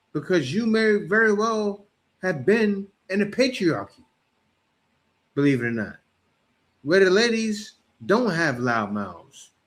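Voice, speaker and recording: A man with a high, very lively voice gives a reaction commentary. He talks in a mocking, teasing way and keeps breaking into laughter. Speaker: commentator host.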